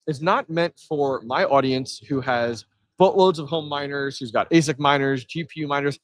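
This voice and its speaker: Streaming live from an event floor, a male host with a medium-pitched voice chats casually and energetically responds to his viewers. He reads chat aloud and tosses off quick asides, with no room sound in the recording.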